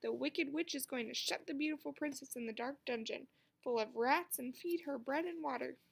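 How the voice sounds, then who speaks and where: A woman's voice: high-pitched, normal speed, creaky. A woman reading aloud, voicing a bossy young girl pretending to be a wicked witch. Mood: gleeful.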